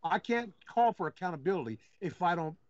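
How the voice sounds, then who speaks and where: A man's voice: high-pitched, expressive, a little fast, dry recording, highs cut off. A man talking as a guest on a live show, blunt and insistent, swearing often. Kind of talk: heated live web talk show.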